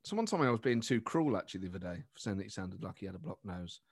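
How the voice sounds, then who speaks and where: A man from the of England, a comedian chatting as a guest, animated and quick to restart his sentences. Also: fairly low pitch, breathy edge, dry recording, clean studio sound. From Nottingham, England. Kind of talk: casual interview chat.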